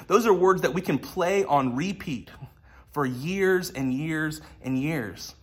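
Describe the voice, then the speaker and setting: Husky-voiced man preaching a sermon. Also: on the high side, slow. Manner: conversational, earnest, lightly humorous. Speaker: pastor.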